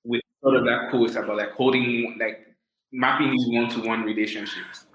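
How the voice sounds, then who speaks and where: A man's voice: mid-range voice, fairly even intonation, normal speed, a bit bright. A man co-hosting a podcast, asking questions hesitantly with many ums and restarts. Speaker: podcast co-host. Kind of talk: casual conversation. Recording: echoey room sound.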